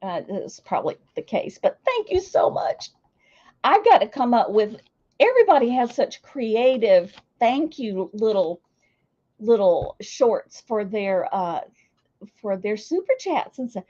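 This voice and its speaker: A woman chats slowly through a livestream, greeting viewers by name and teasing herself. Her voice sits a bit high and moves around a lot. The sound is dull and lo-fi. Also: sing-song, dark tone. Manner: chatty and self-deprecating, reads viewer names aloud. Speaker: livestream host. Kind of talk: casual livestream chat with viewers.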